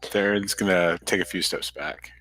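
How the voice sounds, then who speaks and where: A man talks in character during an online tabletop game, hesitant and polite. His voice is a little low. The sound is close and dry. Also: normal speed, bright, forceful tone, no echo. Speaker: player.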